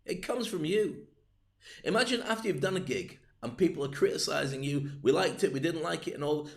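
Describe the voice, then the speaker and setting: A man's voice: on the high side, fairly quick, creaky. An older man coaching on speaking, playful and jokey, acting out little scenes with many asides. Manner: animated, acts out little scenes. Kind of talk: livestream talk.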